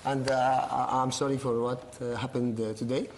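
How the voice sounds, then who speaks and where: A man with an Egyptian accent hosts a playful TV interview in halting broken English, stumbling and repeating words as he teases his guest. His first language is Arabic, and his pitch is mid-range for a man. Faint background noise sits under the voice. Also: level tone. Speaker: TV prank show host.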